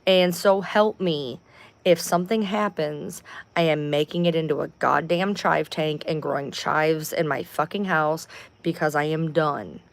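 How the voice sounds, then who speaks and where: Woman, lowish voice, casual livestream chat, rambling, profane, exasperated, at home. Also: fairly even intonation, measured pace, vocal fry. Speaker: livestream host.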